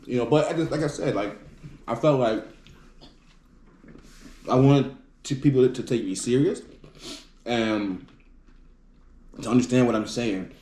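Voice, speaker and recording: A man from Wisconsin with a Southern accent, telling stories in casual chat. He talks fast and stumbles over his words. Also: medium pitch, warm tone, reverberant. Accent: Southern US (Mississippi). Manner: fast-talking storyteller, trips over words.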